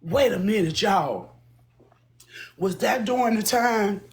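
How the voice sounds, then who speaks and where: A woman's voice: medium pitch, expressive, slow, slightly rough. A woman hosting a live stream, chatting casually and profanely with her viewers and rambling from one thing to the next. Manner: profane, rambling, talks straight to her chat.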